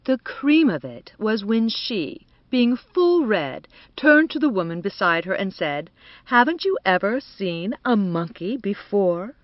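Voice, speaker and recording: A woman's voice: medium pitch, big pitch swings, a little slow, no echo, dull audio. A woman voicing a jovial, affected middle-aged man with a droll, mock-theatrical manner.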